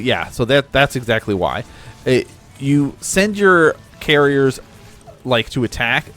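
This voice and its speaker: A man's voice: medium pitch, fairly bright tone. A man giving casual play-by-play commentary on a real-time strategy match, explaining the strategy as he goes. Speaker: game caster.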